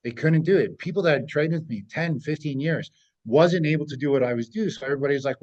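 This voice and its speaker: A man's voice: on the high side, fast talker, a little mellow, highs cut off. A man around forty, a self-defense coach hosting a casual podcast, tells stories and keeps checking in with "right?". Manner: storytelling, often tags phrases with "right?".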